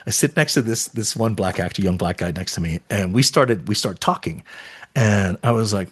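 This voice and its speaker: A middle-aged man with a husky voice, a podcast guest telling stories in an animated way and acting out other people's lines. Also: on the low side, moderate pace. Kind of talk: casual storytelling interview.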